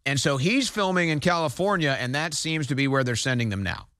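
A man's voice: a little high, a little fast, fairly bright tone, no room sound, studio quality. A man giving urgent political commentary on a talk show.

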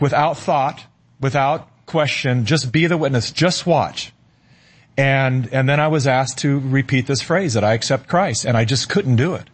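On a talk show, a middle-aged guest tells a story from his own life, sincere but faltering, circling back over words as he gropes for the right ones. His voice is mid-range and husky.

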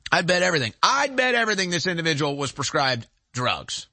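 A man ranting through a political commentary monologue in a high, bright, forceful voice. He sounds indignant and hammers one rhetorical question after another. The recording is dry and close, with no room sound. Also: sing-song, a little fast, dry recording. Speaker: show host.

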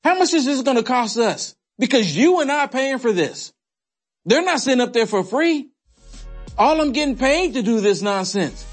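A man's voice: very high-pitched, sing-song, moderate pace, faint music behind. A man hosting a political commentary show, indignant and sarcastic, firing off rhetorical questions. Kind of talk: opinionated commentary.

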